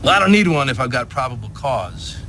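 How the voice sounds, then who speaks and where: A man's voice: medium pitch, sing-song, fairly quick, pushed and bright, a little hiss or hum. An actor playing a pushy male police officer who talks in a sarcastic, condescending way.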